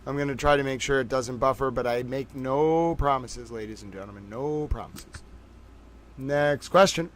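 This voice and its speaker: A man hosting a casual livestream trivia game, calling out viewers by name and praising them, swinging from loud excitement to quiet muttering. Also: medium pitch, moderate pace, a little hiss or hum. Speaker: livestream host running trivia.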